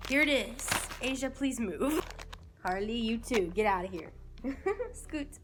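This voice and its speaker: A woman filming a casual unboxing vlog on her phone, excitedly talking to her pets. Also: fairly high pitch, measured pace, background noise. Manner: excitable, squealing baby talk to her pets. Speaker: vlogger with a service dog. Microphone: phone camera.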